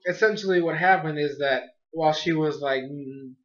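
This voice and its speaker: Rambling man with a highish voice. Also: moderate pace, fairly bright tone, highs cut off. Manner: rambling, filler-heavy, amused. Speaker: anime episode reviewer. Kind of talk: casual spoken review.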